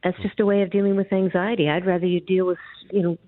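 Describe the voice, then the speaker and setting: A woman speaks on a radio show over a thin, phone-quality line, her voice slightly low and dry. She explains things in a calm, measured way. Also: no echo. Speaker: guest author. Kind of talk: radio interview.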